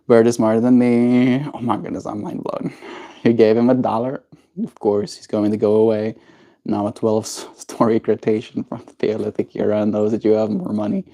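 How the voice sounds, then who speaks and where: A man's voice: fairly low pitch, mellow. A man livestreaming casually, chatting to his pet bird in sing-song baby talk and reading viewer chat aloud. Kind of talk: casual live stream chat.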